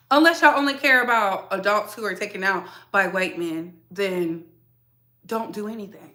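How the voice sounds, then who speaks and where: A woman with a Southern US accent hosting a casual commentary show, talking to her audience in an animated, opinionated, slangy way. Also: medium pitch, a little slow, pauses often. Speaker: show host.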